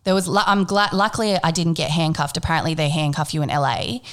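A young woman telling a story in casual chat, animated and swearing freely as she acts out what people said. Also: low-pitched, quick pace. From Australia.

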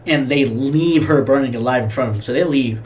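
A man's voice: medium pitch, brisk, darkish tone, a little hiss or hum. A man co-hosting a podcast, casually retelling a film scene in a profane, rambling way. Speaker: podcast co-host. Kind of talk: casual chat.

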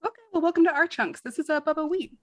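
A woman's voice: high voice, quick pace. A young woman co-hosting a casual podcast, chatty and laughing often. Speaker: podcast co-host.

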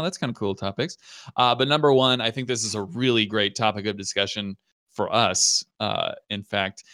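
A young man co-hosting a casual podcast, chatting and reading news articles aloud in a relaxed way. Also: medium pitch, no echo, clean studio sound. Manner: relaxed, laid-back, reads articles aloud. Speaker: podcast co-host.

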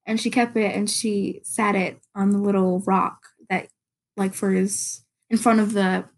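A woman's voice: medium pitch, level tone, unhurried. A woman hosting a casual solo podcast, rambling, giggling often and searching for words. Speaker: podcast host.

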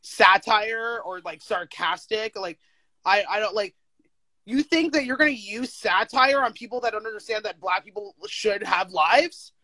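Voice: mid-range voice, no echo. Young adult interviewee, casual and emphatic, filler-heavy, dry close mic. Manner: emphatic, animated, full of "like" fillers and quick laughs. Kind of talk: casual conversation.

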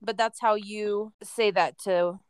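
Podcast mom, talks real slow, smooth clear voice, laughs a lot. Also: female voice, medium pitch, no room sound, studio quality. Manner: slow, relaxed, laughs easily. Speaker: podcast co-host, mother. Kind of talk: casual chat.

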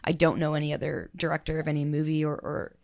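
A woman with a low voice talks casually and emotionally on a podcast. She is reflective and halting, with many fillers and pauses. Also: level tone, vocal fry, darkish tone, no echo. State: tearful. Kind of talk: casual chat.

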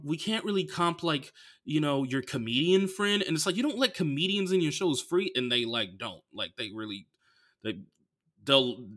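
A man from the Bay Area, a comedian and podcast host, telling stories in an animated, profane way with lots of "like". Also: mid-range voice. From San Francisco Bay Area. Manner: animated, profane, heavy use of "like". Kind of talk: casual comedic storytelling.

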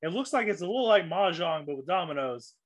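A man's voice: high voice, animated, fast, no room sound, lo-fi sound. A man narrating as game master of a tabletop game, loose and laughing between lines.

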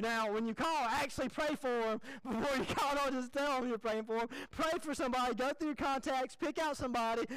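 Male pastor, very high and smooth, chatty joking sermon. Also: a little fast, hardly any pauses, fairly bright tone, no echo, rough recording. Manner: conversational and joking, with acted quotes.

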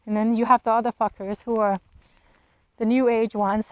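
Solo podcast host, woman, blunt and profane, slightly high voice, dull lo-fi sound. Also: little pitch movement, normal speed. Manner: blunt, profane, rhetorical questions. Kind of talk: solo monologue rant.

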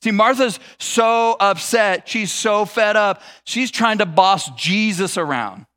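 A male pastor preaches in a chatty, humorous way, acting out little scenes as he goes. His voice sits high and sounds bright and forceful. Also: animated, a little slow. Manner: conversational and humorous, acts out scenes. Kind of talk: sermon.

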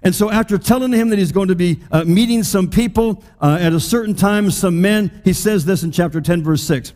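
A man preaching a sermon as pastor, talking conversationally and slowing down to stress the scripture he quotes. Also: high-pitched, darkish tone. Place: church hall. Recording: long reverb of a large hall.

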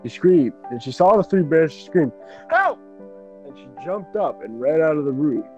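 A man's voice: fairly high pitch, animated, brisk, dark tone, lo-fi sound, soft background music. A young man co-hosting a casual podcast, reading a bedtime story in a playful, joking way.

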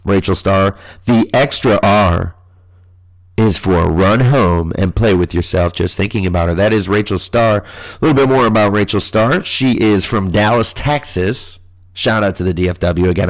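A man from the Midwest with a nasal, stuffed-up voice, hosting a solo podcast in a crude, profane, ranting way. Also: fairly low pitch. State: stuffy nose from allergies. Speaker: podcast host. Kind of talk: casual solo podcast monologue.

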